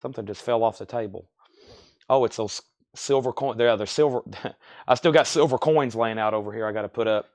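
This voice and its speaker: A man with a Southern US accent hosting a live record sale, reeling off titles and prices in a steady, folksy sales patter. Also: medium pitch, a little fast. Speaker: host selling records on a livestream. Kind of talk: live sales stream, casual chat.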